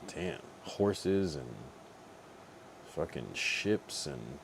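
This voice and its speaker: A tipsy male streamer chats loosely late at night, cursing freely and rambling from thought to thought. His voice sits very low, with a faint hiss of background noise behind it. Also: expressive, very slow, vocal fry. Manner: loose, profane, rambling commentary. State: tipsy from drinking.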